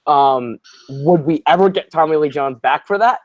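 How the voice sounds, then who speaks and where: A man guests on a casual movie review, easygoing and slow on his fillers. His voice sits dry and close, with no room sound around it. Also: fairly high pitch, dry recording, muffled recording. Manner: easygoing, drawn-out filler words.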